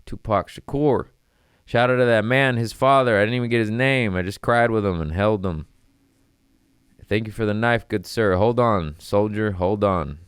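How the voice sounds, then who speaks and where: A man's voice: on the low side, moderate pace, smooth, dry recording, clean studio sound. A young adult man, a comedian, rambling casually and profanely, laughing between lines.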